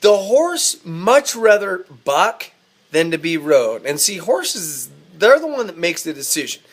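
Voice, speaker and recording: A man, a rodeo cowboy, telling a ranch story in a folksy, animated, self-amused way. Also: sits high, a little slow, slightly rough. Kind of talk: casual spoken storytelling.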